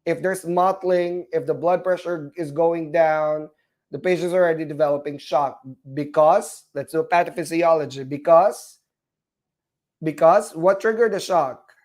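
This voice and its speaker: A man's voice: fairly high pitch, a little mellow. Filipino man teaching a live nursing class. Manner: repetitive, checks in often with "all right?", apologetic about corrections. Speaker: nursing exam instructor. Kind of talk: live online class, walking through a case study.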